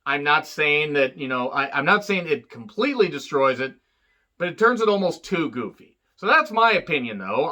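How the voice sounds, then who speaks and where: A man with a fairly high, bright, forceful voice talks through a film review in a loose, offhand way. He rambles, swears freely, drops wisecracks and fills the gaps with "you know" and "uh". When he acts out the characters' lines, his pitch jumps up. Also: big pitch swings, moderate pace, muffled recording. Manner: rambling and profane, with many fillers and wisecracks. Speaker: movie reviewer. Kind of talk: casual spoken film recap.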